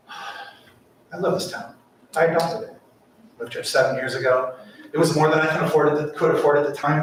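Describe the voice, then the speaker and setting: A man's voice: medium pitch, a little hiss or hum. A man giving an impassioned public comment at a city council meeting, asking rhetorical questions. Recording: echoey council chamber mic from far off.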